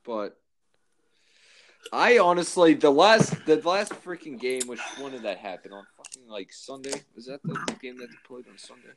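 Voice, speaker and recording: A man's voice: medium pitch, brisk, hardly any pauses. Young man, from Pennsylvania, podcast co-host, casual chat, swears, noisy home recording. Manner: swears a lot, laughs easily.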